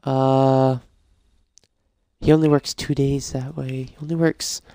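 A man playing a life-sim game, reading prompts aloud and reacting in casual let's-play commentary, getting frantic and shouty when things go wrong. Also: mid-range voice, level tone, slow pace. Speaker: gaming YouTuber.

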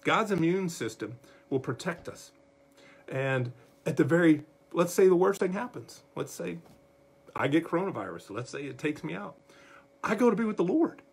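A man leading a livestreamed Bible study as pastor, folksy and animated, talking straight to his viewers. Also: fairly high pitch, moderate pace, creaky, husky.

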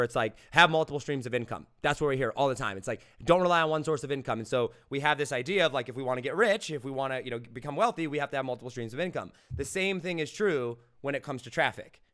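A young man hosting a podcast interview, telling stories in an excitable, animated way. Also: mid-range voice. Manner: excitable, storytelling, quick and animated. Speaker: podcast host. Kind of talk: casual interview chat.

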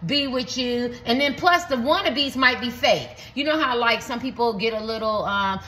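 A woman's voice: a little high, moderate pace, bright, forceful tone. A woman giving a rambling, blunt reading to her viewers in a casual, repetitive way, swearing now and then. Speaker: tarot reader. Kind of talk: casual spoken reading to camera.

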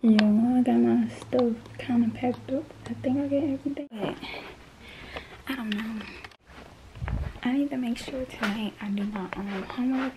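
A woman's voice: a little high, fairly even intonation, moderate pace. Chatty teen girl, half-whispering. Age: late teens. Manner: chatty, often drops to a whisper. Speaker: vlogger. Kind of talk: casual vlog chat to camera. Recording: noisy phone recording.

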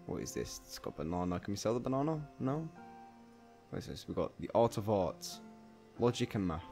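A man talks his way through a game in casual let's play commentary, thinking aloud and swearing freely. His voice sits fairly low but jumps around a lot in pitch as he exclaims. Faint game music plays underneath. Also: sing-song, a little fast, vocal fry, mellow. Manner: chatty self-talk, swearing, bursts of exclaiming. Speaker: gameplay commentator.

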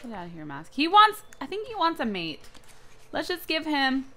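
Speaking at normal speed in a high voice, a young gaming channel host delivers playful, excitable let's-play commentary, frequently squealing and giggling.

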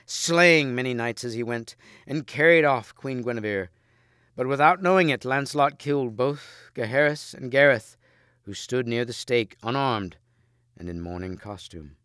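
Male audiobook reader, measured, clean, dry close sound. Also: medium pitch, clear, resonant tone, dry recording. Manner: steady, measured storytelling. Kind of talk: scripted narration.

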